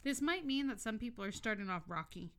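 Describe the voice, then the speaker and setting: A young woman hosting a casual chat, reading tarot in a relaxed, talkative way. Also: on the high side, fairly quick. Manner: relaxed, chatty, swears casually. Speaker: host, tarot reader.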